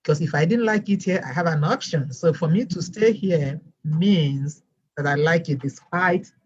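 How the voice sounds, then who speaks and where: A woman with a non-American English accent, telling her story as a guest teacher in a lively storytelling way. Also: sits low, moderate pace, breathy edge, highs cut off. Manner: animated storyteller, acts out quoted voices. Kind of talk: storytelling interview chat.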